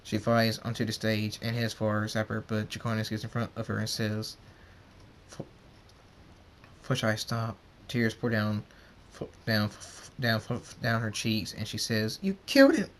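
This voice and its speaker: A man's voice: fairly low pitch, monotone, moderate pace, a bit bright, slight background noise. A man reading his pony fan story aloud as narrator, in a plain way with some stumbles over words.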